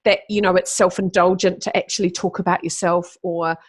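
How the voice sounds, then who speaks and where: Her voice is lowish with a flat delivery and a slightly fast pace. A middle-aged podcast guest and keynote speaker, she chats casually over a call, animated and swearing freely.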